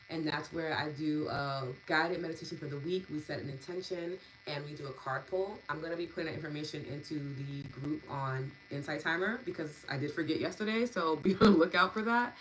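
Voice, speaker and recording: A deep-toned woman winds down her live wellness stream, warm and effusive. She reads out viewers' comments and thanks them, laughing easily between her words. A faint hiss sits under her voice. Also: rough recording. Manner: warm, gushing, laughs often, lots of fillers. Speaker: EFT and meditation host. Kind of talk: live-stream wrap-up, reading chat comments.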